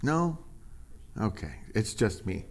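Animated conversational male preacher. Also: fairly low pitch, slow pace. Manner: conversational, animated, reads scripture aloud with rising emphasis. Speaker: pastor. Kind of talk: sermon.

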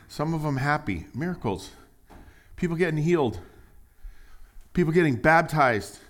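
A man preaching a sermon in an animated way, with loud emphatic bursts and quiet low asides, acting out the voices of the people he quotes. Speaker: pastor.

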